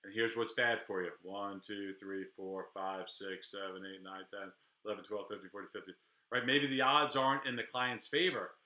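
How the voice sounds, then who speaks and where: Candid, bright-voiced male attorney. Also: on the low side, normal speed, roomy sound. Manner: candid, rambling, animated with frequent restarts. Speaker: criminal defense attorney. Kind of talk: casual talk to camera.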